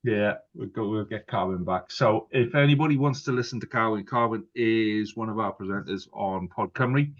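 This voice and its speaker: A man's voice: on the low side, moderate pace, few pauses. A man hosting a podcast in casual chat, rambling with fillers and restarts. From Wales. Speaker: podcast host. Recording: dull lo-fi sound.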